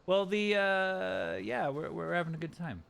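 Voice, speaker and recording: A man's voice: high voice, unhurried, gravelly, a bit bright, clear, resonant tone. A man streaming a video game, chatting casually in a joking way with sudden yelps and some swearing. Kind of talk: casual live-stream gameplay commentary.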